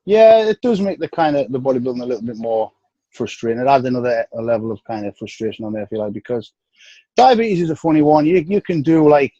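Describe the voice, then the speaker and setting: A man with a North East English accent, speaking frankly and easily as a guest on a podcast, often sinking into low, tired tones. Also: lively intonation, quick pace, dark tone, no room sound. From North East England. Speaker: guest bodybuilder. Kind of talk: casual podcast interview. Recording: dry, dull lo-fi sound.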